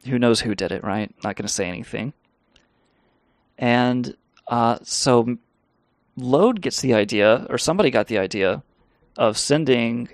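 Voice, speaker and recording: A man's voice: medium pitch, vocal fry, no echo, clean studio sound. A man hosting a live stream, telling a rambling, profane story with laughs and reading the chat aloud.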